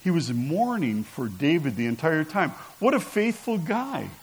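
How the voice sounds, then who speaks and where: A man's voice: a little high, big pitch swings, a little slow, husky, poor audio. A man preaching a conversational sermon, reading scripture aloud and asking his listeners rhetorical questions. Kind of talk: sermon teaching.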